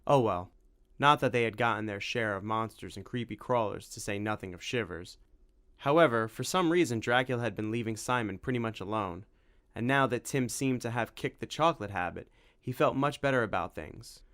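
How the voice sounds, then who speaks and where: Man, audiobook narrator, wry lively storytelling, fairly low voice. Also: fairly quick. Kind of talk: audiobook reading.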